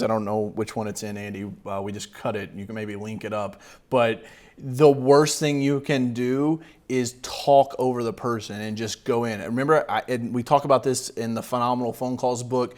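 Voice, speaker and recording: Blunt, swearing sales coach man. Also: medium pitch. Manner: blunt, profane, mocking, laughs often. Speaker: sales coach reacting to a video. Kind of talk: casual reaction commentary.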